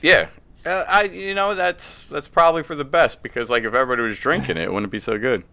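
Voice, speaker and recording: A man's voice: mid-range voice, quick pace, gravelly, dry recording. A man co-hosting a casual podcast, telling rowdy stories with lots of laughter and silly put-on voices. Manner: animated storyteller, laughs often, mimics voices. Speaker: podcast co-host. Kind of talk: casual crude podcast banter. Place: indoor room, video podcast.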